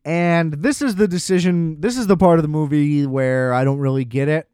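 A man retells a film plot in a loose, rambling way, dropping "like" constantly and swearing bluntly. His voice sits a little on the high side. The sound is close and dry, with no room around it. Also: moderate pace, darkish tone, clear, resonant tone, no room sound. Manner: loose and chatty, heavy "like" fillers, blunt swearing. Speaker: film reviewer. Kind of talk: casual film plot recap.

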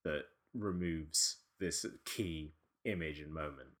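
A man's voice: rumbling low, takes it slowly, a bit bright. A man hosting a casual podcast discussion, talking in rambling, wry runs with frequent restarts. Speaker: podcast host.

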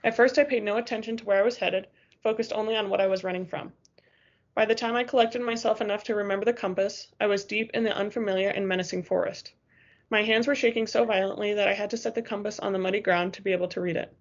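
A woman's voice: medium pitch, fairly even intonation, fast talker, muffled recording. A woman narrating a first-person novel as an audiobook, in a tense, urgent storytelling manner.

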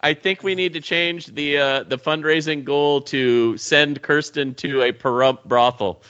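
Male panelist, smooth and bright, dry teasing, slightly lo-fi recording. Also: a little high, steady tone, unhurried. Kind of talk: casual group chat.

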